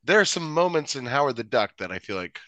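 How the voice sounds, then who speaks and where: A man's voice: medium pitch, big pitch swings, fast, sharp tone, no room sound. A man co-hosting a podcast in casual chat, laughing often as he reads off his notes. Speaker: podcast co-host.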